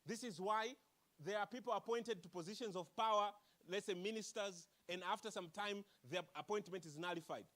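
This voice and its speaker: A man giving an energetic motivational speech to young people, calling out to the crowd and asking it questions. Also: sits high, a little fast. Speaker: motivational speaker. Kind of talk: live speech to a youth audience. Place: conference hall.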